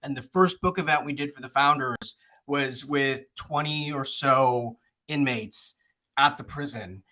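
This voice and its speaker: A man's voice: mid-range voice, a little slow, sharp tone. A man, an author in an interview, telling a story in a casual, conversational way, with many fillers and restarts.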